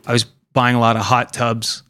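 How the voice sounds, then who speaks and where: A man's voice: medium pitch, completely flat delivery, normal speed, sharp tone, clean tone, no echo. A young man hosting a casual comedy podcast, rambling loosely, swearing a lot and acting out voices. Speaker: podcast host.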